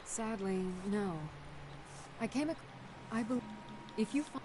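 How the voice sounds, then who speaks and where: An actress voicing an adult woman villager in a fantasy video game, speaking softly and plainly in game dialogue. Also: a little high, a little slow, natural voice. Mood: earnest. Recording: loud hiss over game audio.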